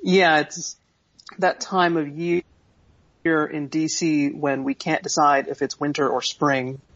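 A man with a cold, co-hosting a podcast over an internet call with dry, deadpan quips. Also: fairly high pitch, takes it slowly, no room sound. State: has a cold. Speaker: podcast co-host. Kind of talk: casual chat. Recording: dull internet call audio.

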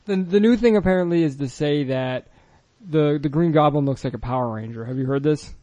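A man's voice: a little high, a little fast, mellow, dry recording, highs cut off. A man co-hosting a casual comedy podcast, sarcastic and laughing often. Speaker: podcast co-host.

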